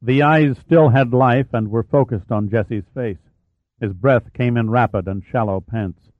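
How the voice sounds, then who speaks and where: A man narrates an audiobook in a steady, measured way, his voice sitting at an ordinary middle pitch. He drops to a quieter tone for the characters' lines. The recording is close and dry, with a slightly dull top end. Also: dry recording. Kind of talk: scripted narration.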